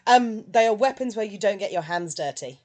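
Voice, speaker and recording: A woman co-hosting a casual film review chat, animated and quick to put on silly voices. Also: medium pitch. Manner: animated, puts on silly voices when quoting. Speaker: podcast co-host.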